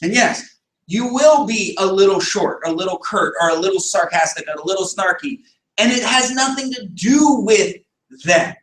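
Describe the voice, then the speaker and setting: A man's voice: high-pitched, expressive, moderate pace, a bit bright. A man leading a business team meeting, talking emphatically, firing rhetorical questions and sometimes raising his voice. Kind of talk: motivational team meeting talk. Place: meeting room with a group. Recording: echoey room, picked up from a distance.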